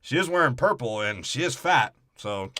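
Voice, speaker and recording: A man's voice: medium pitch, lively intonation, moderate pace, sharp tone, slight background noise. A man co-hosting a comedy movie podcast, riffing crudely and slipping into character voices. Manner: riffs with put-on character voices. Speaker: podcast co-host.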